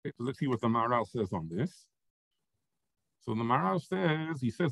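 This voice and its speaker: A man teaching a Torah text-study lesson. He reads Hebrew sources quickly, explains them step by step in English, and keeps checking in with "right?" and "okay?". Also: medium pitch, big pitch swings, creaky, a bit bright, slightly rough, no room sound, rough recording.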